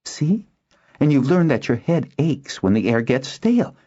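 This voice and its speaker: A man voicing a spirited, quick-tempered young girl in an audiobook, in a high, lively voice. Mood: eager. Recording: dull lo-fi recording.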